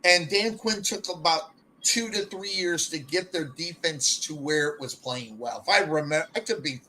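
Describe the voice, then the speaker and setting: Casual male sports radio host, bright forceful voice, stumbling restarts, faint ambience. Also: a little high, normal speed, slight background noise, low-quality recording. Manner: rambling, stammering restarts.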